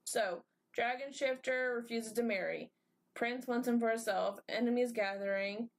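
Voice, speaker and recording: A woman's voice: a little high, moderate pace. Playful woman co-host reading blurbs. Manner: playful, stumbles over names and jokes about them. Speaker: podcast co-host. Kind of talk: casual chat, reading book blurbs aloud.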